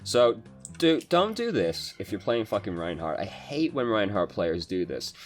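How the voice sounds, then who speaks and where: A young man casually commentating over gameplay as a coach, relaxed, with frequent fillers and casual swearing. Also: on the low side, measured pace, faint music behind. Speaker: game coach reviewing gameplay.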